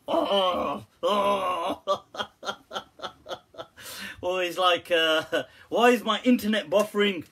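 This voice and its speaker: A man's voice: fairly high pitch, fairly bright tone, breathy edge. A man answering viewer questions on a live stream, teasing, joking and laughing often.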